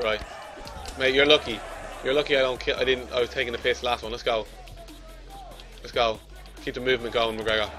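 A young man giving brash, swearing commentary on his own video game match, trash-talking the opponent. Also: mid-range voice. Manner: brash and swearing, trash-talks the opponent, yells when losing. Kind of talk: casual gameplay commentary.

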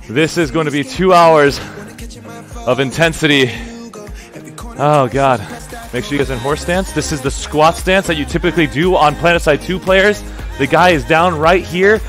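A young man streaming himself through a workout, joking with viewers, loud and animated, getting out of breath. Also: a little high. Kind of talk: casual comedic workout stream.

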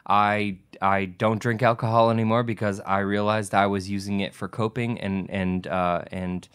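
Male podcast co-host, lowish voice, rambling and self-deprecating in casual talk. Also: flat delivery, normal speed, fairly bright tone, clear, resonant tone. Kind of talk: casual conversation.

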